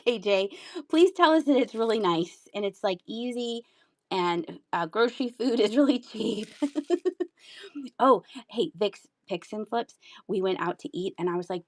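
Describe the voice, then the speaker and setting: Chatty thirtysomething woman on a live sale stream, giggly, bouncy pitch, dry close sound. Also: expressive, unhurried, dry recording. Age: 30s. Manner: bubbly, laughs often, chats with viewers. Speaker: live auction seller. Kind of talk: casual live-stream selling chat.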